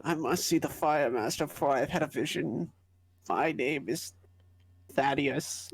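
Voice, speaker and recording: Casting: a man doing a sick masked pilgrim, very slow and cryptic, fairly high voice, dry sound. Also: gravelly, husky, no echo, exaggerated voice. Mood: ominous. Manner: slow, solemn, odd delivery. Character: masked, sickly male pilgrim, cryptic and ominous.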